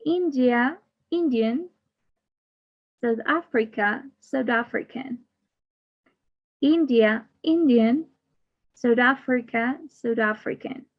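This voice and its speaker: A woman teaching an English class online, slowly repeating each word twice in a drilled, deliberate way. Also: fairly high pitch. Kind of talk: slow drilled pronunciation lesson. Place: online class, speaking to a camera. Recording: slightly dull lo-fi audio.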